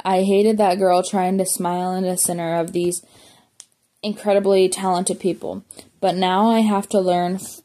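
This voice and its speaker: A woman's voice: fairly low pitch, mellow. A woman reading a memoir aloud as an audiobook, plainly, with small slips and self-corrections. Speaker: audiobook reader.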